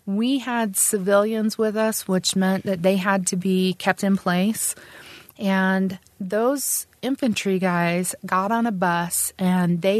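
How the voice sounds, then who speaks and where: A woman's voice: medium pitch, dry recording. Earnest middle-aged woman, dry close sound. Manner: earnest, conversational, with frequent restarts. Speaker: Army sergeant recounting her experience. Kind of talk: personal storytelling.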